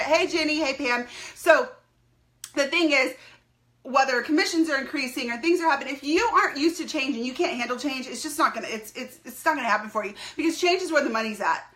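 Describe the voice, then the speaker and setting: A woman talking to live-stream viewers as a network marketing team leader, emphatic and animated, repeating her points and laughing often. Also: sits high.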